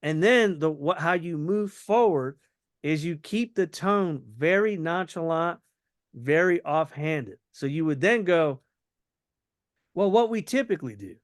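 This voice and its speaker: A man's voice: fairly high pitch, a little slow, dry recording. Man coaching sales in a dry room. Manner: demonstrates phrasing by acting out both sides, relaxed and conversational. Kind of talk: casual coaching conversation.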